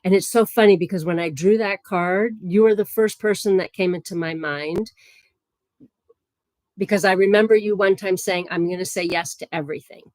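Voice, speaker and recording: Chatty gentle woman with a dry close sound. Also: medium pitch, steady tone, moderate pace, no echo. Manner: gentle, chatty, many fillers and soft laughs. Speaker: psychic medium giving live readings. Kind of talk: livestream readings to viewers.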